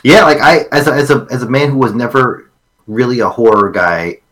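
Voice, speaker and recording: Halting man with many fillers. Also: mid-range voice, fairly bright tone. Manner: halting, repeats words, lots of filler. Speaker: co-host. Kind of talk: casual live-stream chat.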